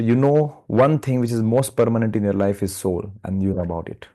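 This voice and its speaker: A man's voice: on the low side, steady tone, fairly quick, dark tone. A man with an Indian English accent gives a live spiritual lecture over a video call, chatty and checking in with the class with "right?" and "yes or no?". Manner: conversational, keeps asking the class "right?" and "yes or no?". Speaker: meditation course instructor. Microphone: computer or phone mic on a video call.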